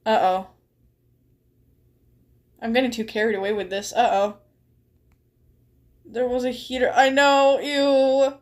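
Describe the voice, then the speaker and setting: A woman's voice: fairly high pitch, little pitch movement, takes it slowly, long pauses. A young woman streaming a game, chatting casually and reading story text aloud with frequent giggles. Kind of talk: casual live-stream chat while gaming and reading aloud.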